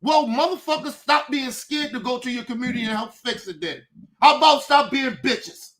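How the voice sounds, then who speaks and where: A woman hosting a livestream, ranting angrily in a profane voice that often breaks into shouting. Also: high voice, moderate pace. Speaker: streamer, show host. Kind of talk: livestream rant.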